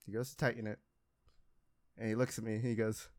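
A man's voice: medium pitch, big pitch swings, fairly quick, long pauses, a bit bright. A young man casually telling a long story about a mishap at his auto shop job, rambling, laughing and mocking himself.

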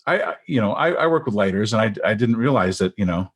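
A man's voice: lowish voice, animated, quick pace, slightly rough. A man chatting casually, stammering and repeating words as he tells stories about working with lighting artists. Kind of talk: casual anecdote chat.

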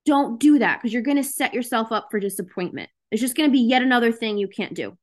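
Frank, chatty woman hosting a self-help call, a little high in pitch, easy and conversational. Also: lively intonation, fast talker. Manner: frank, chatty, with lots of fillers. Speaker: host of a self-help session. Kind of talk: casual motivational talk. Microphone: video call.

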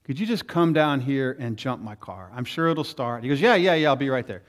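A man's voice: mid-range voice, fairly quick. A middle-aged male pastor preaching a sermon, telling stories and acting out the voices of people he quotes. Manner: storytelling, animated, acts out quoted voices.

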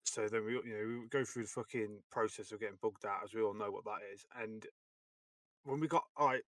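A man's voice: fairly low pitch, steady tone, fairly quick, a bit bright, no echo. A young man co-hosting a podcast, telling a sweary army story in a chatty way. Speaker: podcast co-host. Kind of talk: casual army stories chat.

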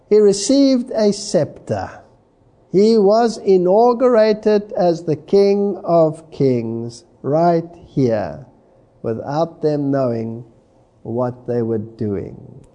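A man preaching slowly and deliberately, his voice dark and mellow yet pitched fairly high. He reads scripture and comments with sweeping, dramatic rises and falls. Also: lively intonation. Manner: slow, emphatic, dramatic swings in pitch. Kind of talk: sermon with Bible reading.

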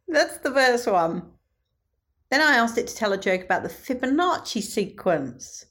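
A woman's voice: on the high side, big pitch swings, slow, pauses often, a bit bright. Sarcastic woman comedian. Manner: dry and sarcastic, laughs often. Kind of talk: casual vlog chat.

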